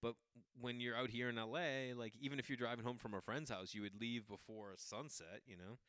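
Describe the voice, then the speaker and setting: A man from the Boston area hosting a podcast, telling casual comic stories in an animated, chatty way. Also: medium pitch, brisk, clear, resonant tone, no room sound, clean studio sound. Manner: animated, jumps into quoted voices, loose and chatty. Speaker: podcast host.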